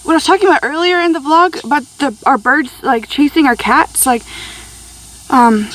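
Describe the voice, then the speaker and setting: A woman's voice: high-pitched, normal speed, fairly bright tone. A young woman vlogging at home outdoors, chatty and rambling with lots of fillers, laughing often and cooing at her children while holding the camera herself. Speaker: vlogger and mother. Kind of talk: casual home vlog. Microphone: handheld camera, filming one-handed.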